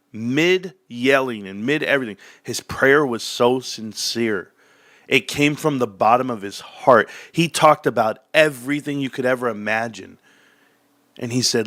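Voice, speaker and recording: A man in casual commentary, animated and quick to slip into mock sales pitches. His voice sits at an ordinary middle pitch. The sound is close and dry, with no room around it. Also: no room sound. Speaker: stock commentary host.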